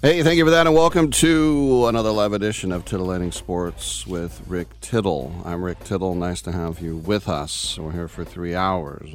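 A man's voice: low-pitched, steady tone, moderate pace, few pauses, faint music behind. A man hosting a live sports talk radio show, rambling and joking at his own expense with an American accent. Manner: joking, self-mocking, rambling.

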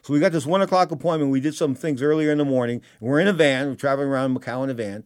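A middle-aged man from San Francisco hosting a talk radio show, telling stories in an emotional, animated way with repeated phrases. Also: mid-range voice, racing, no room sound, studio quality. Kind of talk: storytelling talk radio monologue.

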